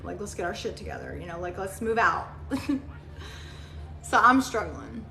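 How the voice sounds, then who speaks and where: A woman hosting a casual livestream answers viewer comments, chatting bluntly and profanely and rambling with lots of fillers. Her mid-range voice is sing-song, gravelly and sharp at normal speed, captured in an echoey room with faint background noise.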